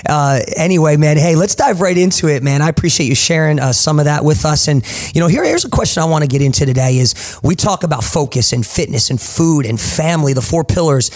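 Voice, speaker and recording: A man's voice: a little high, animated, fast, few pauses. A man with a New Jersey accent hosting a podcast, talking with hype and motivational energy. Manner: hype, motivational, calls people man and boss. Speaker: podcast host. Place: studio.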